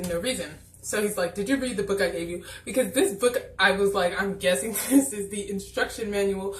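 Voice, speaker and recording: A woman's voice: mid-range voice, slight background noise. Brief: woman, casual vlog reviewer, chatty and exasperated, in a roomy echoey room. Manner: chatty, exasperated, acts out scene dialogue.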